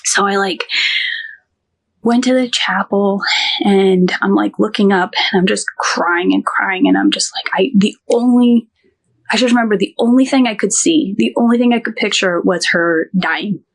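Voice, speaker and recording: Woman telling a painful story haltingly. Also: mid-range voice, animated. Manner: halting, many restarts, quotes others. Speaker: guest. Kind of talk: emotional personal storytelling.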